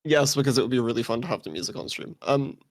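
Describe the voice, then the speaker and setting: A man's voice: mid-range voice, expressive, fast talker, dry recording. Male player, casual, repeats himself, dry close sound. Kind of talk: casual chat.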